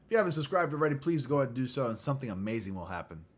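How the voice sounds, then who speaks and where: A man hosting a casual livestream chat, loose and profane, who often clears his throat. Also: medium pitch, animated, quick pace. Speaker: livestream host.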